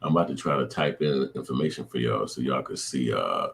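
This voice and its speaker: A man delivers a blunt, profane, preachy monologue to his viewers. His voice sits extremely low. A faint hum of noise runs under the recording. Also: lively intonation, brisk, gravelly, fairly bright tone. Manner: blunt, profane, preachy ranting with acted-out quotes. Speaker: show host. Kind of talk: casual opinion monologue to viewers.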